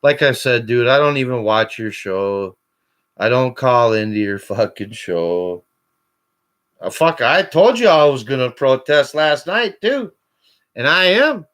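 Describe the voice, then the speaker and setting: A man on a call-in show, ranting angrily and swearing constantly, his voice climbing toward shouts. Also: mid-range voice, big pitch swings, measured pace. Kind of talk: angry profane rant.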